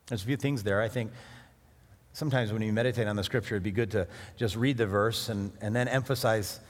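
A middle-aged male preacher delivers a sermon in a relaxed, conversational tone, then breaks into sudden emphatic rises. His voice sits in an ordinary middle register, and the recording carries a long reverb from a church hall. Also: medium pitch, normal speed, pauses often.

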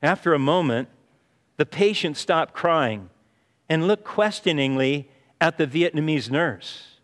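A man delivers a sermon in an earnest, storytelling manner and keeps coming back to "you see". His voice sits on the high side, and he takes his time. The sound rings with the long echo of a large hall. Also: expressive, measured pace, a bit bright. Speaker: pastor. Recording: reverberant hall.

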